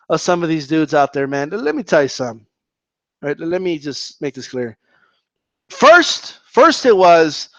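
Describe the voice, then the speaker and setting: A man ranting about boxing in casual commentary, argumentative and mocking, often repeating himself. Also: dry recording. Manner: animated, argumentative, mocks opponents in high voices.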